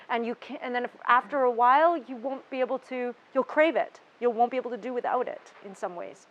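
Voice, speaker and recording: A woman's voice: a little high, brisk, few pauses, lo-fi sound. Chatty woman leading a yoga training. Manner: conversational, with many restarts and asides. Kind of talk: informal workshop talk. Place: retreat workshop room.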